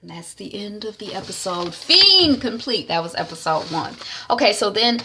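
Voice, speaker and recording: A woman casually recapping episodes of a web series in a chatty, animated way. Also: mid-range voice, normal speed, a little hiss or hum. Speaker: TV series reviewer.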